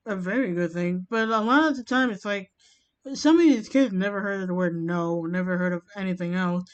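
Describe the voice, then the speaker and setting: A woman in casual chat, rambling with many halting restarts. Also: medium pitch, muffled recording.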